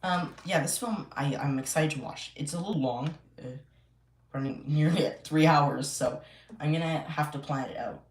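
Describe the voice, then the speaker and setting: A man chats casually on a live stream from a room at home, rambling with many fillers and restarts. His voice is a little high and his pace moderate. The room is echoey, with faint noise.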